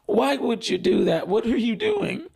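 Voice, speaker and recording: A man's voice: very high-pitched, sing-song, measured pace, creaky, a little mellow, husky, pitched above the performer's own voice, heavily acted. A man voicing an emotional male archangel who cries out in anguished questions. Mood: distraught.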